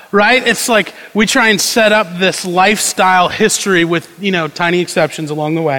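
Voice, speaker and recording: A man's voice: sits high, steady tone, moderate pace, few pauses, pushed and bright, in a large hall, rough recording. A man preaching a sermon in a conversational way, acting out quoted prayers and tossing asides to the congregation. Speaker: pastor.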